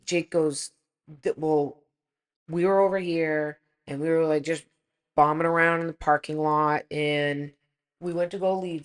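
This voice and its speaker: A woman in her forties, a podcast co-host, telling an animated story in casual chat and swearing freely. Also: sits low.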